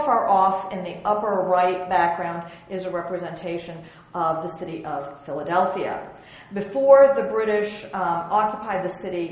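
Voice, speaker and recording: A woman's voice: lowish voice, a little mellow. A woman giving a slide lecture on historical prints, chatty and wry, with many ums and restarts. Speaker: museum curator giving an illustrated lecture. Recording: very echoey room with faint hiss.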